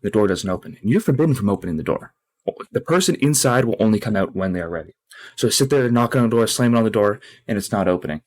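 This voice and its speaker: A man's voice: lowish voice, animated, fast talker. A man co-hosting a podcast, telling a long joke in a rambling, casual way. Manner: rambling storyteller with fillers. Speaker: podcast co-host.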